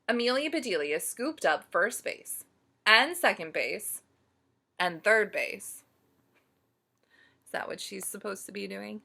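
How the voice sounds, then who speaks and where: Woman storyteller, slow, bright, lively pitch, reads picture books to children. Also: vocal fry. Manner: slow, animated, asks listeners questions. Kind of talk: reading a picture book aloud to children.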